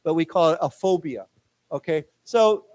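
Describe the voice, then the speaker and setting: A chatty American man leads a live English lesson in a lecture room, his voice a little higher than most men's. He talks loosely, restarts often, and draws words out slowly so the class can repeat them. The sound is dry and close, with little room echo. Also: lively intonation, a little mellow. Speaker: English teacher.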